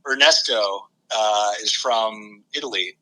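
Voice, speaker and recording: A man's voice: lowish voice, takes it slowly, sharp tone, low-quality recording. A man phoned in as a guest player, joking and trash-talking in casual chat.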